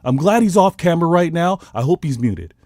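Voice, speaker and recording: This is a man with a high voice that swings widely up and down as he argues his football point. He talks over the others in a heated, animated debate. The sound is dry and close, with no room around it. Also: a little fast, no echo. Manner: animated, argumentative, pleads for his turn to speak. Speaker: football podcast panelist.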